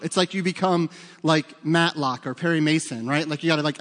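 A middle-aged male pastor preaching in a church, relaxed and chatty, with jokes and asides to the congregation. His voice sits a little high for a man. A long hall reverb trails his words. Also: a little fast. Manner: conversational, humorous storytelling with asides to the congregation. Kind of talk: sermon. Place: church sanctuary.

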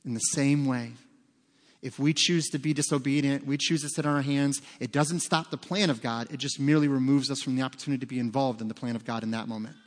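A man's voice: medium pitch, fairly even intonation, fast talker. A man preaching a sermon as pastor, talking conversationally with joking asides. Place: church sanctuary. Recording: long reverb of a large hall.

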